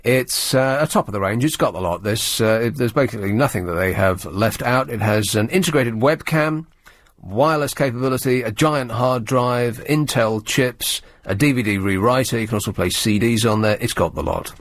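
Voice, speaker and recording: A male radio presenter in a studio, talking in a sardonic, rambling way with animated emphasis. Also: mid-range voice, moderate pace, dry recording. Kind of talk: late-night radio talk. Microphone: studio microphone.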